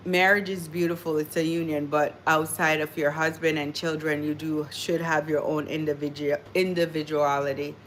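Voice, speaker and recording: A woman's voice: deep voice, fairly bright tone, slight background noise. A woman, born in Jamaica and raised in the United States, hosting a casual live chat and talking straight to her viewers by name. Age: adult mother. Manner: chatty, talks straight to viewers by name, restarts words. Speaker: livestream host chatting with viewers.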